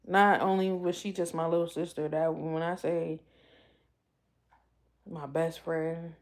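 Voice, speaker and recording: A woman vlogger in emotional casual talk, halting and tearful, often repeating herself as she speaks. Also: low-pitched, flat delivery. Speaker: vlogger host.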